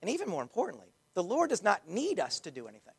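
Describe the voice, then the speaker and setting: A man's voice: high-pitched, wildly swooping pitch, fast talker, vocal fry, breathy edge. A man in the role of pastor, preaching a conversational sermon with frequent restarts and asides.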